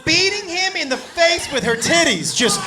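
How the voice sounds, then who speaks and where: A male stand-up comedian telling a crude story, animated and loud, shouting his punchlines. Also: very high-pitched, moderate pace, music in the background, a crowd in the background. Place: comedy club stage. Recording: live club set with audience laughter and noise. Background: audience laughing.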